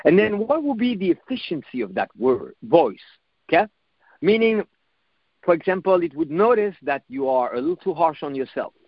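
A man's voice: a little high, big pitch swings, normal speed, husky, no echo, lo-fi sound. A man giving a motivational self-help talk in a reflective coaching manner, repeating phrases and swearing now and then.

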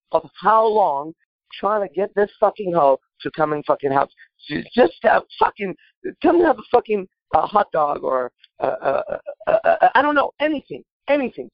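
A man's voice: fairly high pitch, no echo, dull audio. A man answering a listener question in brash, profane casual talk, boastful and rambling with filler words.

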